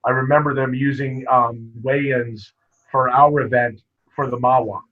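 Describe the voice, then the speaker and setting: A man, a wrestling coach, telling stories in a casual interview, lively and full of quoted dialogue. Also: mid-range voice, moderate pace. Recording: muffled lo-fi podcast audio.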